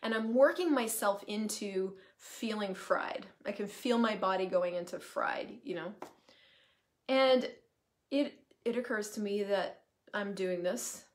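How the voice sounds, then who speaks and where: A woman hosting a casual live stream, talking in an animated way with the odd swear word and drifting into asides, in the middle of her usual pitch range. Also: a little slow. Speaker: host, coaching facilitator.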